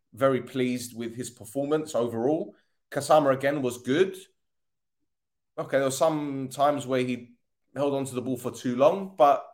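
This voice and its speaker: A man with a mid-range voice hosts a football podcast and delivers a tired, frustrated post-match rant. He's sarcastic and swears along the way.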